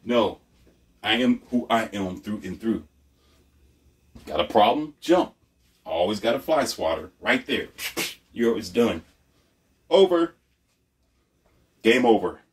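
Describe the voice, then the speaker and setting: A man preaches bluntly in a low voice that rises and falls a lot. He repeats himself for emphasis. The sound is distant, as if the microphone is across the room. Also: sing-song, slow pace, pauses often. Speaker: host of a motivational monologue. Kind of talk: preachy motivational monologue.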